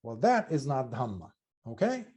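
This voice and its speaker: A man, a Buddhist monk, answering a question in an earnest dharma talk, often pausing and restarting as he searches for words. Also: medium pitch. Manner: animated, earnest, acts out quoted voices.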